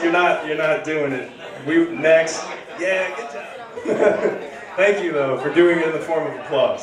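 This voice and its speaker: A man hosting a comedy night, doing stand-up in a rambling, casual way on a bar stage. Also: on the high side. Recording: echoey room from far off.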